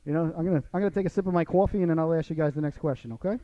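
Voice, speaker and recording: Rambling Long Island radio host. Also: male voice, a little high, very fast, no room sound. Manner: rambling, full of "you know" fillers. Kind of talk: casual radio chat. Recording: dull, dry lo-fi audio.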